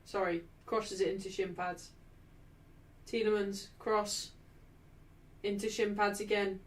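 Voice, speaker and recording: A woman's voice: mid-range voice, little pitch movement, takes it slowly. A young woman hosting a live football watchalong, ranting in exasperation at her team. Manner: shouting in frustration. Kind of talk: live match watchalong commentary.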